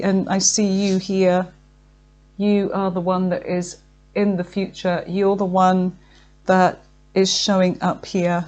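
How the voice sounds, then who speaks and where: A woman's voice: mid-range voice, darkish tone. A woman giving a tarot card reading, effusive and emotional, thinking aloud with frequent fillers. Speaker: tarot reader.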